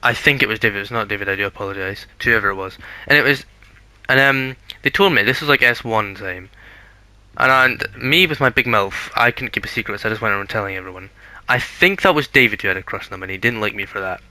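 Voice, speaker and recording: Young Scottish man, low pitch, very bright edge, rambling podcast banter. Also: fast talker, no echo, low-quality recording. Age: young adult. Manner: rambling, self-correcting, frequent restarts. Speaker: podcast co-host. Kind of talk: casual chat.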